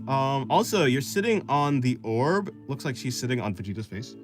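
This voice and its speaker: A man's voice: medium pitch, lively intonation, moderate pace. A young man with an American accent chatting casually while drawing, rambling and explaining at length with many fillers and restarts. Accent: General American. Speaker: art streamer. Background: guitar music.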